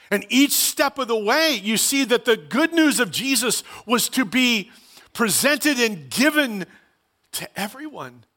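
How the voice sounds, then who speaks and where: A man preaching a sermon as pastor, earnest and conversational with animated asides. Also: high-pitched.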